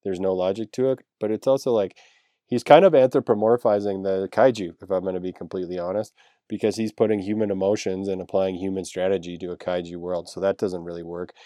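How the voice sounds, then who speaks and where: A man's voice: deep voice, fairly even intonation, fast, mellow, no echo, clean studio sound. A man in his thirties co-hosting a podcast, teasing and laughing easily in casual chat. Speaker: podcast co-host.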